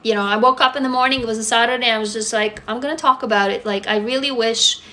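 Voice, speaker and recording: A woman's voice: fairly high pitch, fairly even intonation, fast talker, bright, forceful tone. A woman in her forties from Russia, talking candidly and emotionally to viewers on a phone livestream. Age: 40s. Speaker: livestream host. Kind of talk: casual livestream talk to viewers.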